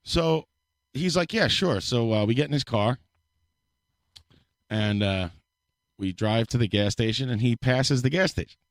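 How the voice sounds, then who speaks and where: A man's voice: mid-range voice, a little slow, long pauses, dry recording. A man telling a long story in casual, profane chat on a podcast, speaking close to the mic. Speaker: podcast co-host.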